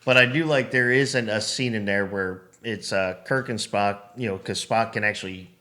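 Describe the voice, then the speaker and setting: Guy on a movie podcast, kinda low but bright voice, acts out the scenes as he tells them. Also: moderate pace. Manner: animated storyteller, acts out scenes in quotes. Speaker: podcast co-host. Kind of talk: casual chat.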